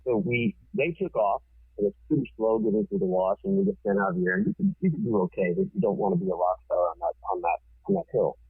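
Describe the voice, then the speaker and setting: A forceful man tells a wild story with casual swearing. His voice is low and husky and sounds tinny, as if over a phone line. The sound is dry and close. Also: very animated, fast talker, no echo. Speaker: TV producer, podcast guest.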